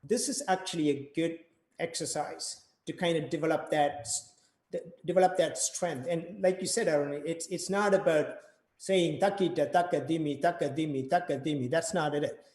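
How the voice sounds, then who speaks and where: A man's voice: fairly high pitch, normal speed, a little mellow. Man chanting rhythm syllables, echoey. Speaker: percussion teacher. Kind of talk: online rhythm workshop.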